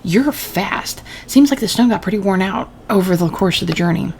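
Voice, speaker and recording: Woman gamer, mid pitch, reads the story text and quips at it, faint hiss in the recording. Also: animated, normal speed, vocal fry, darkish tone. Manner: casual, wry asides between read lines. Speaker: gaming channel host. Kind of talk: reading game text aloud while playing.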